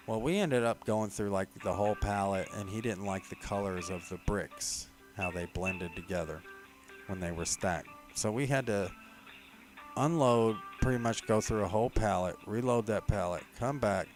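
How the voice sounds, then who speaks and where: A man's voice: lowish voice, moderate pace, soft background music, poor audio. A man live streaming, casually telling rambling anecdotes with many fillers. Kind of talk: casual storytelling.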